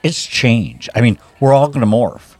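A man's voice: medium pitch, big pitch swings, measured pace. A man co-hosting a podcast interview, affirming his guest and drawing her out with questions. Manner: affirming, frequent encouraging interjections. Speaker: podcast co-host. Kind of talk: conversational interview.

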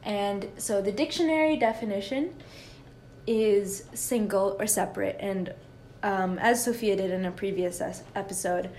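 A woman's voice: mid-range voice, a little slow, darkish tone, a little hiss or hum. A woman co-hosting a podcast in casual chat, often laughing at herself and correcting her slips. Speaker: podcast co-host.

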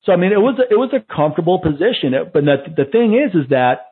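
A man talks fast and earnestly in a casual podcast, reflecting on his past jobs in a mid-range voice. The voice is somewhat husky. The audio is narrow and tinny, like a phone call. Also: high-pitched, very animated. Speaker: podcast host, fitness entrepreneur.

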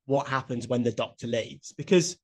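A young man co-hosting a casual podcast chat, enthusiastic and quick to laugh, often checking "do you know what I mean". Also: mid-range voice, darkish tone. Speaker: podcast co-host.

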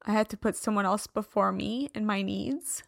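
A woman's voice: medium pitch, steady tone, moderate pace, vocal fry, no room sound, clean studio sound. A woman hosting a podcast, telling a personal story in a candid, emphatic, confessional way. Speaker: podcast host.

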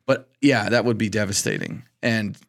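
A man co-hosting a podcast in casual chat, excitable and animated, often saying "dude". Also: on the low side, moderate pace, vocal fry. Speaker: podcast co-host.

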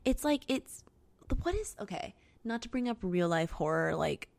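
A woman's voice: mid-range voice, creaky, dry recording. A young woman co-hosting a podcast, chatting casually about a film and acting out characters' lines. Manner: chatty, animated, quick to act out characters' lines. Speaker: podcast co-host. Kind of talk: casual chat recapping a film.

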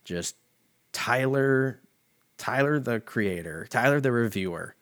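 Male podcast host, slightly low voice, swears a lot, rambles and jokes at his own expense, a bit tipsy. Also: lively intonation, slow pace, no room sound, clean studio sound. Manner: profane, rambling, self-mocking. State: tipsy from whiskey. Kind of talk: casual podcast chat reading a comment aloud.

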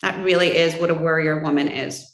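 A woman in her forties with a low, steady voice answers interview questions as a guest, casual, warm and heartfelt, growing emotional quickly. The room is echoey and the audio poor.

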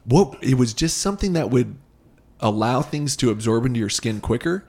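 A young man, a former football player, hosting a casual podcast chat in an easygoing, relaxed way. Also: mid-range voice, moderate pace. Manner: easygoing, relaxed storytelling with fillers.

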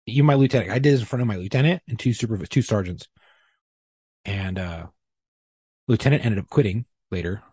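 A man with a low, husky voice tells a work story on a podcast. He swears freely and plays out both sides of the argument with rising heat. The sound is dry and close. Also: a little fast, long pauses, no room sound. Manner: profane, animated retelling with heated quoted exchanges. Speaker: police officer guest.

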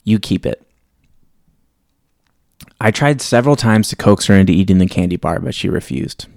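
A man's voice: deep voice, animated, fast, vocal fry, darkish tone, no room sound, clean studio sound. A man hosting a podcast, reading a personal story in a reflective, wry way. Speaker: podcast host. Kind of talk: reading a personal story aloud, then casual sign-off.

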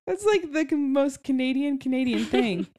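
A woman's voice: high voice, animated, normal speed, darkish tone, dry recording. A young woman co-hosting a book podcast in casual, bubbly chat, giggling often and saying "like" a lot. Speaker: podcast co-host.

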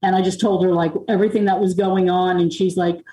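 A woman's voice: fairly low pitch, little pitch movement, a little fast, warm tone. A middle-aged woman from Long Island, a podcast guest telling personal stories in a rambling way, full of fillers and restarts. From Long Island, New York. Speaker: podcast guest, music producer and author. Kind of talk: candid personal storytelling. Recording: roomy and distant from the mic.

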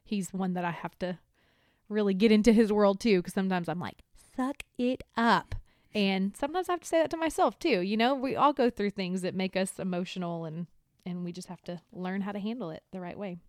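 A woman's voice: medium pitch, a little fast, no echo, clean studio sound. Chatty woman podcast co-host, giggly. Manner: chatty, laughs often, warm-hearted teasing. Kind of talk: casual family podcast chat.

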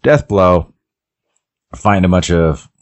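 A man with a very low, deep voice chats casually as a podcast co-host, walking through a story's plot. He rambles loosely, leaning on "like" as he goes, and slips briefly into the characters' lines as he tells it. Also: takes it slowly. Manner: animated storyteller, briefly acting out quoted lines; loose and rambling, many "he's like" and "like" fillers. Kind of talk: casual chat retelling a show's plot.

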